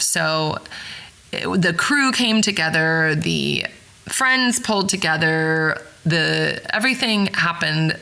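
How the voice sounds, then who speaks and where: A woman hosting a podcast, telling a story in a rambling, excited way and often correcting herself mid-sentence. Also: low voice, vocal fry, low-quality recording. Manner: rambling, with frequent self-corrections and fillers. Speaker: podcast host. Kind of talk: casual storytelling.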